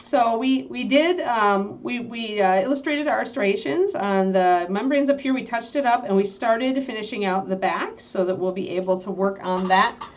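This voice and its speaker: A woman's voice: a little high, normal speed. A woman hosting a casual livestream about painting miniatures. She chats in a rambling way and keeps breaking off to talk to her puppy. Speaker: miniature painting stream host.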